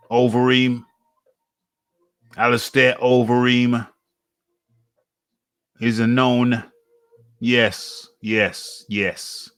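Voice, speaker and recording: Guy rambling on his boxing stream, says stuff three times, mid pitch, real unhurried. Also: fairly bright tone, clean tone. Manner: rambling, repeats phrases over and over. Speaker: boxing talk show host. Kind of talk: casual livestream commentary.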